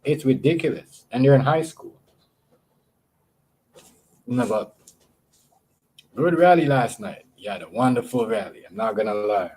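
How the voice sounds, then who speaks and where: A man's voice: mid-range voice, measured pace, long pauses, darkish tone, breathy edge. A man chatting casually on a livestream, rambling and swearing, often repeating words as he talks to his viewers. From Canada. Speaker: live streamer.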